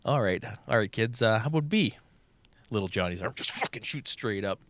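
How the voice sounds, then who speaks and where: A man's voice: lowish voice, expressive, a little fast, a bit bright. A young man co-hosting a podcast, telling a long crude joke casually, swearing often and acting out the characters. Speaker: podcast co-host.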